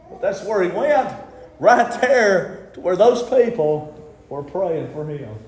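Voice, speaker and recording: A preacher delivers an impassioned sermon in a very high voice, often rising to shouts. He sounds as though he is in an echoey room. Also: expressive, slow pace, a little hiss or hum.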